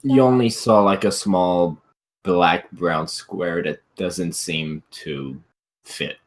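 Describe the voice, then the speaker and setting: A man running a tabletop game as game master, describing scenes and rulings in a relaxed way. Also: low voice, slow pace.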